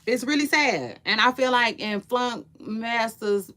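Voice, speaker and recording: A woman talks through celebrity gossip in a relaxed, conversational way. Her voice is bright and sharp, and her delivery is slangy and full of tangents and asides. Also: a little high, takes it slowly. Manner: chatty, slangy, rambling with frequent asides. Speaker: celebrity news commentator. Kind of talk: casual celebrity gossip commentary.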